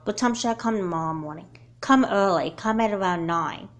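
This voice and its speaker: A woman voicing a young girl doll character who is obsessed with her laptop, in a home-made doll movie, her voice shooting high and loud when she panics. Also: fairly quick, natural voice. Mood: apologetic.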